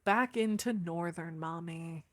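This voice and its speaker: A woman's voice: on the low side, slow, no room sound. An American woman streamer in casual chat with her viewers, on a streaming microphone. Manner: casual, chatty, talking to chat.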